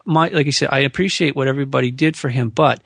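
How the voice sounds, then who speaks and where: A middle-aged man with a deeply gravelly voice talks frankly and haltingly, stopping and restarting his sentences. The sound is close and dry with no room around it. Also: fairly bright tone, no room sound. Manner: frank, hesitant, many restarts. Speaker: interview guest. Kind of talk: casual interview talk.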